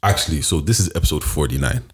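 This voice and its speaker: A man hosting a podcast in casual chat, telling stories in an animated, slangy way with frequent swearing. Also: extremely low pitch, quick pace. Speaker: podcast host.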